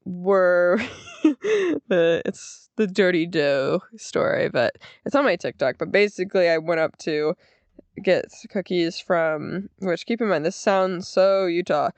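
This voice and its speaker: A young woman with an American accent hosting a podcast, casually telling a story, laughing often and doing the other people's lines in a higher voice. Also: animated, slow, no echo. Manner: giggly, acts out quotes in a higher voice. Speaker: podcast host.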